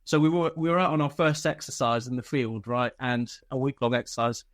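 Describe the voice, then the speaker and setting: A man's voice: medium pitch, fairly quick. A man, an army veteran and podcast guest, telling casual stories with plenty of swearing and laughter. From United Kingdom. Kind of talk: casual storytelling.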